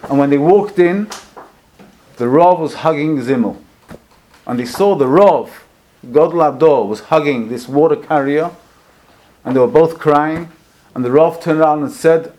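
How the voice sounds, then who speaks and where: A man preaching as he tells a story, swinging between hushed asides and loud, emotional peaks. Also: on the high side, a little slow, pauses often. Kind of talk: storytelling sermon.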